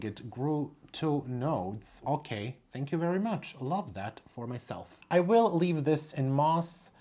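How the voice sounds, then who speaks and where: Mid-pitched plant vlogger rambling casually at home, thinking out loud. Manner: chatty, meandering, thinking aloud. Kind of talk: casual show-and-tell vlog.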